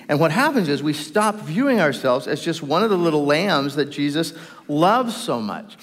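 A middle-aged man preaching a sermon, animated, acting out quoted voices and speaking straight to the congregation. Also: a little high, normal speed. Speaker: pastor. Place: large church hall with reverb. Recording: live sermon in reverberant hall.

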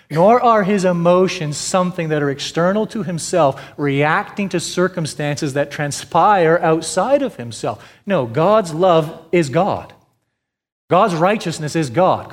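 A man delivers a sermon from the pulpit of a church, hammering home phrases and answering his own questions. His fairly high voice rises for stress and sinks low for the quiet points. A long reverb hangs in the sanctuary. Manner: emphatic preaching, repeats phrases, asks and answers questions; swings between loud stress and quiet drops. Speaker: pastor.

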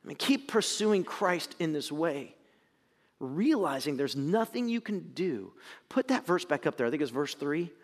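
A male pastor delivers a sermon with a lively, swooping delivery, pushing hard on key points and then dropping to quiet asides. His voice sits high for a man. The sound carries a long reverb, like a church sanctuary. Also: unhurried. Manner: animated, conversational preaching with swings between loud emphasis and quiet asides.

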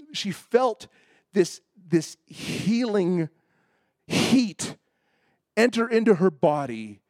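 Animated male preacher telling a story. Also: a little high, no room sound, clean studio sound. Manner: animated storyteller, acts out quoted voices, rising to emphatic preaching. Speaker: pastor. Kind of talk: sermon storytelling.

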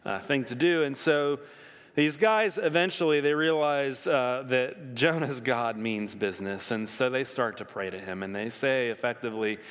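A man preaching a sermon as pastor, telling the story with lively swings in his voice. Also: medium pitch, normal speed. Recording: long reverb of a hall.

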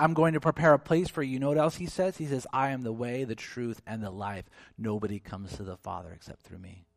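A man preaching a sermon in an animated way, acting out quoted voices with big swings in pitch and loudness. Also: vocal fry, no echo. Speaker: pastor.

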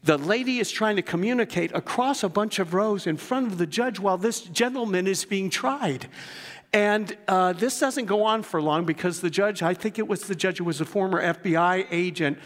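Older man, pastor, earnest storytelling sermon, somewhat high voice, long church reverb. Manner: earnest storytelling preacher, rising to emphatic passages. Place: church sanctuary.

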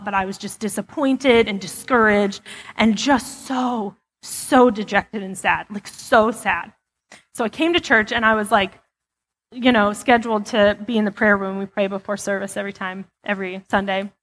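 A church speaker with a slightly high, fairly bright voice offers a candid personal testimony. Her delivery is chatty and loaded with fillers, echoing with long reverb through the sanctuary.

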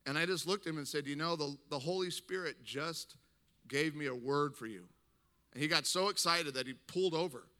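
A middle-aged man delivers a sermon with a strikingly bright, forceful tone and a slightly high-set voice. He moves between reading scripture aloud and talking to the congregation in emphatic, conversational asides. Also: brisk. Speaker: pastor.

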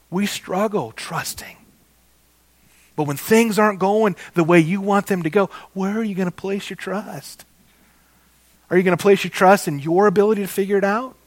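A man preaching a sermon, slow and emphatic, repeating key phrases and calling his listeners "guys". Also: sits high, no room sound.

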